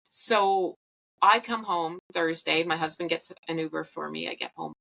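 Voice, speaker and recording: A woman recounts her own story in a talkative, rambling way, frank and unfiltered. Her voice sits a little low but has a bright, forward edge. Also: normal speed, creaky, rough recording. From Canada. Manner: chatty, rambling, candid. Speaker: podcast host. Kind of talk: personal storytelling.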